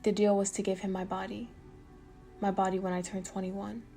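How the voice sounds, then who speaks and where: A woman's voice: mid-range voice, flat delivery, moderate pace, warm tone, faint music behind, close to an everyday voice. A woman voicing a brash teenage boy in a storybook reading, crude and joking but guarded about a secret. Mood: somber.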